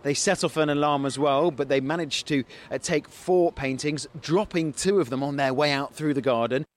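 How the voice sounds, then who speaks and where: A man explaining a crime story as a reporter, speaking briskly with "uh" pauses. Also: on the high side. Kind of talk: news explanation.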